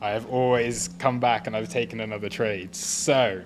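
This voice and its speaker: A man's voice: fairly low pitch, steady tone, slow pace, long pauses, soft background music. A man hosting a live trading stream, talking casually and laughing at himself often. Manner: chatty, self-amused, laughs often. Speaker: livestream trading host.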